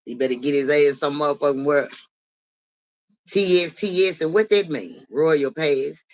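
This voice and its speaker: A man runs a casual livestream and answers his viewers' comments out loud. He talks bluntly and swears freely, with an animated edge to his fairly high voice. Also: normal speed, poor audio. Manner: blunt, profane, animated, talks back to chat. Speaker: livestream host.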